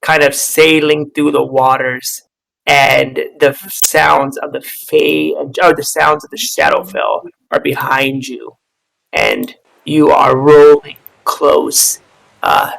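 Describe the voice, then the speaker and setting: A man's voice: fairly high pitch, rough recording. A man narrating a tabletop role-playing session as game master, setting scenes and voicing what happens. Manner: slow, relaxed storytelling with gravelly voice.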